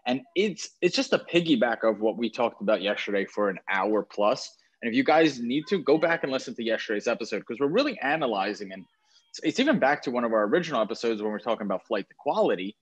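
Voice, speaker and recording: A podcast co-host, traveling away from home, talks sports cards with lively enthusiasm, correcting himself as he goes. His mid-range voice moves at a quick pace with a breathy edge, and the recording sounds muffled.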